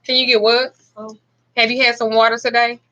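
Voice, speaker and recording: A woman's voice: a little high, little pitch movement, a little fast, pushed and bright, highs cut off. A woman in her forties with a Southern US accent, chatting casually and bluntly at home about a simple ritual. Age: 40s. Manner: chatty, blunt, swears freely. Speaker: spiritual practitioner. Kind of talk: casual vlog chat.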